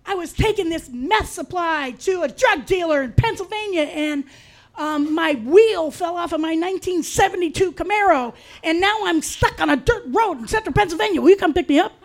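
A frantic, scheming woman pleads breathlessly for rescue, as a storyteller puts her on. Her voice sits high and strained, with a slightly altered, thinner timbre. She talks in a rush of urgent requests. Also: animated, moderate pace. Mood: frantic pleading.

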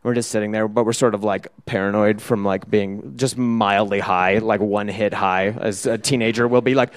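Animated middle-aged man telling a story. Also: mid-range voice, a little fast, no echo, clean studio sound. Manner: casual, animated, laughing often, peppered with "like". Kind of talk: live storytelling to an audience.

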